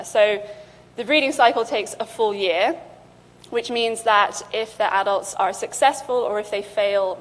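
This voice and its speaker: A young woman, a PhD student, giving a conference talk, presenting steadily with the odd filler. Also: medium pitch. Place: lecture hall. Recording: lecture hall with long reverb.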